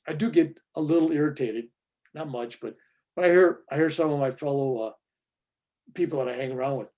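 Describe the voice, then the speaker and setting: A male reverend answering a student's question in an informal spiritual talk, animated and acting out the voices he quotes. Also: on the high side, quick pace.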